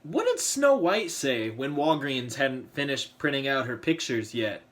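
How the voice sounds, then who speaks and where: A man telling quick one-liner jokes and puns in a comedy video, often laughing at his own jokes. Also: mid-range voice, very animated. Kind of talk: joke-telling compilation.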